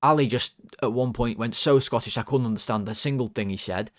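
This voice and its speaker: A man's voice: mid-range voice, brisk, no room sound, studio quality. A young man from England hosting a football fan channel, ranting in an exasperated, sarcastic, rambling way with many restarts. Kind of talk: ranting football video commentary.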